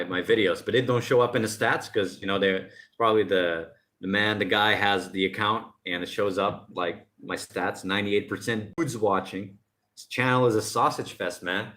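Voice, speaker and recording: A man's voice: mid-range voice, a bit bright. A man hosting a casual live stream outdoors by the ocean, reading out chat messages and chatting loosely with lots of jokes. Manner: loose, rambling and jokey, often laughing.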